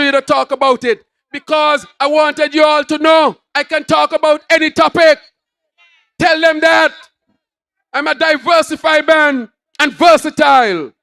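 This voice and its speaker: Speaking with a Kittitian accent, a man shouts a rousing political rally speech to an outdoor crowd in punchy, repeated, call-and-response phrases. His voice is very high and creaky, and there's no room sound.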